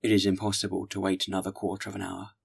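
A man's voice: deep voice, monotone, quick pace, gravelly, husky, exaggerated voice. A man voicing an earnest mayor who makes urgent, insistent appeals to a crowd.

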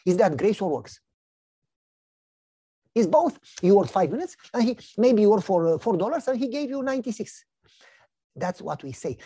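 Animated woman preaching a parable. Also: a little fast, gravelly, slightly rough, no room sound. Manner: animated storytelling, voices characters with big pitch swings. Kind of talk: sermon with acted-out parable.

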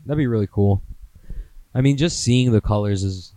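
A man's voice: lowish voice, normal speed, warm tone, low-quality recording. A young American man hosting a solo podcast, rambling in a profane, self-mocking, casual way. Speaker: podcast host.

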